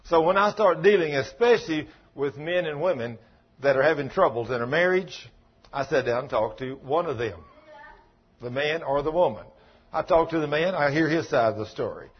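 A man's voice: fairly high pitch, husky, dull audio. A man preaching a sermon in a folksy, emphatic way, telling stories and acting out the dialogue. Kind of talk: sermon with storytelling.

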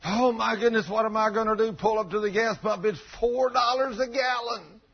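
A man's voice: high-pitched, steady tone, moderate pace, vocal fry, slightly rough, pitched above the performer's own voice, full character voice. A man voicing a fretful man who panics and whines about rising prices, in a dull lo-fi recording. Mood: panicked. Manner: whiny, panicked wailing.

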